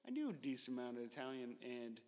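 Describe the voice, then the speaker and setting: A man teasing his wife in casual chat, wry and relaxed in delivery. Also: medium pitch, fast talker. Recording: long hall reverb.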